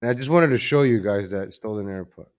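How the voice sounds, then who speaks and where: A man's voice: fairly low pitch, fairly quick, darkish tone. Casual home streamer, male, chatty, loops phrases, desk mic. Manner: chatty, easily distracted, repeats himself. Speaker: livestream host. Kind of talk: casual live-stream chat. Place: home room at his computer. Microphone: desk microphone.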